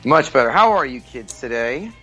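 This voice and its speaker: A man chatting casually as a podcast guest, his voice at an ordinary middle pitch. He is loose and profane, and he keeps talking while he plays a game. Faint music sits in the background. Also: big pitch swings, normal speed, sharp tone, slightly rough, poor audio. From New Jersey, across from New York City.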